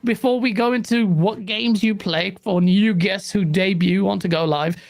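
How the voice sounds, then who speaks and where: A woman co-hosting a live gaming podcast stream, chatting casually and shouting out viewers as she reads chat messages. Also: mid-range voice, moderate pace, gravelly, no room sound. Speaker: livestream podcast co-host.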